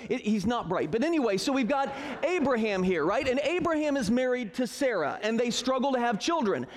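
A man teaching a Bible story to a group in a joking, sarcastic way. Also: very high-pitched. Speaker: pastor. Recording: reverberant hall.

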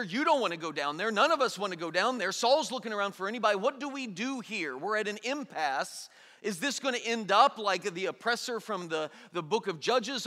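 Male pastor, bright and forceful, lively sermon delivery that acts out the characters. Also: high-pitched. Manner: animated, acts out quotes in everyday voices. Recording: long hall reverb.

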